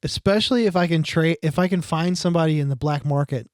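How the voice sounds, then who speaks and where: A man's voice: on the high side, fast, dry recording, clean studio sound. A man co-hosting a podcast in casual chat, rambling and restarting with plenty of swearing. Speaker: podcast co-host.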